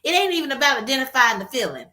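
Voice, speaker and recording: A woman therapist co-hosting a casual talk on a video call, telling stories in an animated way and acting out what people said. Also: sits high, rapid-fire. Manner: animated storytelling, acts out quotes. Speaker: therapist and co-host. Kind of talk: casual conversation.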